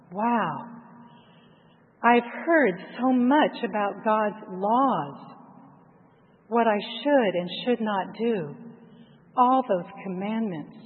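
A woman tells a reflective first-person story at an unhurried, hushed pace, her voice slightly higher than most and breathy. The sound is thin and phone-like, with a long reverb trailing each phrase. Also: animated. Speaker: narrator. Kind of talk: first-person guided meditation narration.

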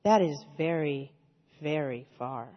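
A woman plays a big, gentle father hare in a bedtime storybook. He answers softly and slowly. The voice rings in a large hall with dull sound. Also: sits low, pitched below the performer's own voice.

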